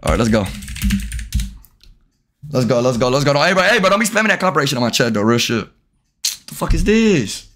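A man's voice: medium pitch, big pitch swings, fairly quick, pauses often, fairly bright tone. A young man live streaming and video-chatting with strangers, brash and heavy on profanity, talking straight to his chat.

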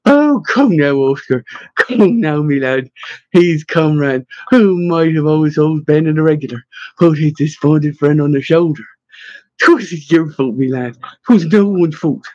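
A man voicing an older man gently consoling a friend at a pub, in a storybook. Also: a little high, expressive, a little slow, dry recording, highs cut off.

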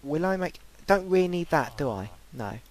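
A man commentating his own game play, breaking into excitable, panicky outbursts and repeated pleading. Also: a little high, moderate pace. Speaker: gaming channel host. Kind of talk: Minecraft let's play commentary.

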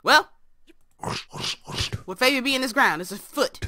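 A woman's voice: high voice, animated, unhurried, sharp tone, no echo, clean studio sound. A young woman hosting a game let's play from her room, chatting to viewers and to the characters on screen. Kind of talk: casual game commentary.

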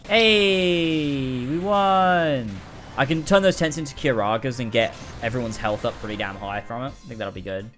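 A young man streaming a game with casual, excitable, swearing commentary. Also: mid-range voice, fast talker, few pauses, faint music behind. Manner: animated, swearing, excitable reactions. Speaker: gaming streamer. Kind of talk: casual let's-play commentary.

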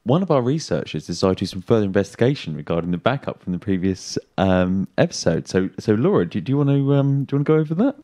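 A man's voice: lowish voice, very animated, fast, hardly any pauses, warm tone. A man co-hosting a podcast, reading listener comments aloud with some hesitation. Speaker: podcast co-host. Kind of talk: casual podcast chat.

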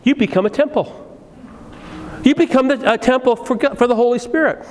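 A male pastor preaching a sermon in a church, telling stories in an animated, conversational way with many restarts. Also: very high-pitched, fairly quick. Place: church sanctuary. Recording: long reverb of a church hall.

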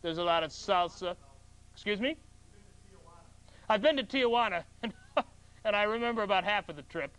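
A man hosting a mock call-in show in a deadpan, mock-earnest way. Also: high voice, normal speed, long pauses. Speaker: host of a comedy call-in show.

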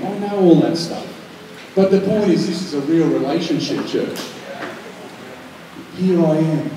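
A man preaching a conversational sermon, swinging between quiet, intimate lines and loud, emphatic ones. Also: fairly high pitch, animated, normal speed, a little hiss or hum. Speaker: pastor. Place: large church hall. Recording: echoey hall, from far off.

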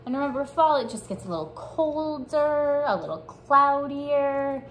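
Slow, encouraging woman teaching small children. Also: high-pitched, animated, a little hiss or hum. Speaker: preschool teacher. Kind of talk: children's morning lesson.

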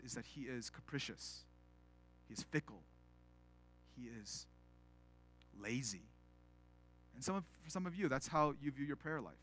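Bright-voiced man preaching a sermon. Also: sits high, no echo. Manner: earnest, repeats words when starting sentences; acts out prayers in quoted voices. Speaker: pastor.

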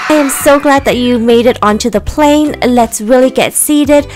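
A woman voicing dolls in a toy play story, in a lively, sing-song way. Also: high-pitched, normal speed, over loud music.

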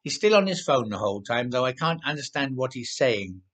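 A man's voice: medium pitch, big pitch swings, brisk, fairly bright tone. A man voicing an earnest, cheerful young girl adventurer in a storybook reading, chatty in manner.

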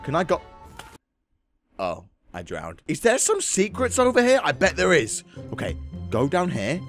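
A man giving excitable gameplay commentary, with loud yelps and sudden jumps between high and low. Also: normal speed. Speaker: gaming YouTuber. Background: game music.

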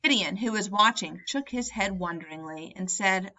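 Bright-voiced woman reading an audiobook. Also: medium pitch, normal speed, hardly any pauses, muffled recording. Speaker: audiobook narrator.

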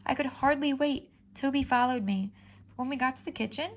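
Expressive woman reading a kids' book. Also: high-pitched, fairly quick. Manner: animated, expressive storytelling. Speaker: storybook reader. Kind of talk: reading a children's chapter book aloud.

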